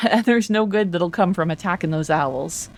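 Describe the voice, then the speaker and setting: Woman playing a gruff, blunt old villager. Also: lowish voice, moderate pace, slight background noise, close to an everyday voice. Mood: scornful. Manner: folksy, blunt dialect speech. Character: gruff older village man, blunt and skeptical.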